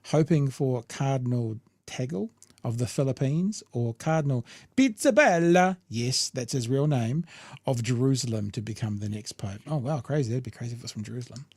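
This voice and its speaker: A man's voice: medium pitch, fairly quick, mellow, slightly rough, no room sound. A male co-host, chatting casually and reading out live chat comments.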